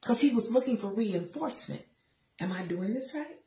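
A middle-aged woman giving a faith-based motivational talk from a chair, emphatic and sassy, with lively asides to her listeners. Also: on the high side, moderate pace, reverberant. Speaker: motivational speaker. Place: seated in a chair.

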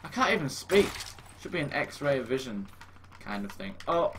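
Self-mocking young gamer, swearing. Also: male voice, mid-range voice, sing-song, normal speed. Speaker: gaming YouTuber. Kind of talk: casual gameplay commentary. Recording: game noise behind the voice.

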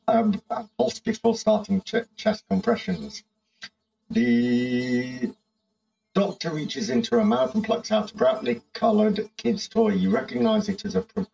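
High, lively, gravelly-voiced man musing over a game. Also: low-quality recording. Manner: musing, thinking aloud with frequent hums and fillers. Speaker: game streamer. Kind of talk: casual game commentary, reading in-game text aloud.

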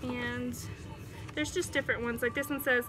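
Breathless high-voiced young mom vlogger. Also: female voice, fairly even intonation, moderate pace, music in the background. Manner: chatty, keeps breaking off to talk to her toddler. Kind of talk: casual show-and-tell chat. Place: at home with a TV on. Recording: home video with background noise.

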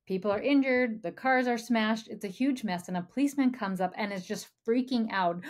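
A woman's voice: medium pitch, fairly quick. A woman who is a parenting coach giving encouraging podcast advice and speaking straight to the listener as a friend.

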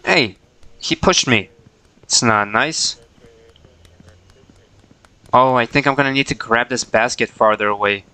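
Male streamer, playful, jokey play-by-play, clear, smooth voice. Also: medium pitch, unhurried, pauses often, bright, forceful tone, rough recording. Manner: playful, jokey, talks to the characters. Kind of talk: casual gameplay commentary.

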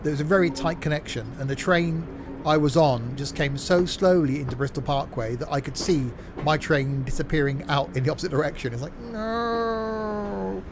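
A man's voice: a little high, brisk, background noise. A man streaming a train game live, rambling through jokey commentary full of "uh" fillers. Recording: train game sounds under voice.

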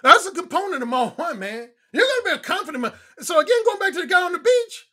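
A man's voice: extremely high pitch, very animated, fast, bright, forceful tone. A man, a dating coach, telling stories and giving advice in a boastful, emphatic way, often repeating his lines. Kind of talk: casual monologue to viewers.

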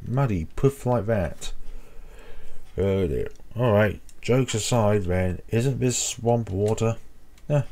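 A young man plays a horror game for a let's play, reading the dialogue aloud and tossing in sarcastic, joking asides in a mellow, mid-range voice.

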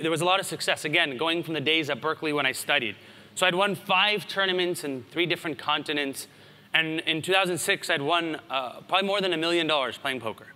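A man in his thirties, from the United States, giving a conference keynote in an animated storytelling way with asides. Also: a little high. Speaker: conference speaker. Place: large conference hall. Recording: hall reverb.

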